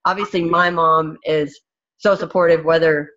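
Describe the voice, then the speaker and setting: A woman's voice: deep voice, fairly even intonation, moderate pace, fairly bright tone. A woman in her thirties, a fighter as interview guest, talking candidly in a blunt, emphatic way with many restarts. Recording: dull, muffled recording.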